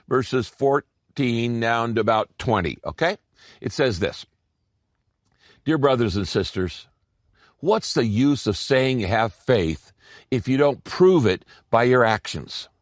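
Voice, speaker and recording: A man's voice: mid-range voice, no echo, studio quality. A man preaching a sermon as pastor, emphatic, repeating key phrases for his congregation.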